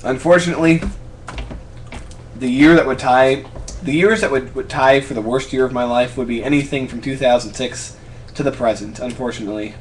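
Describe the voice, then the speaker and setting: A young man in his twenties chats through a fan Q&A from his apartment, wandering between thoughts and restarting sentences. His voice sits at an ordinary middle pitch. A faint hum of room noise runs under the recording. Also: fairly even intonation, brisk. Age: 20s. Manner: rambling, self-correcting, chatty. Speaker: YouTube creator answering fan questions. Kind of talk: casual vlog Q&A.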